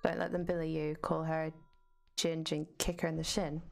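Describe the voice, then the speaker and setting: A woman's voice: sits low, steady tone, fast talker, creaky, faint music behind. A woman streaming a game, chatting casually, answering chat and swearing freely. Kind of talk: casual live-stream chat while gaming.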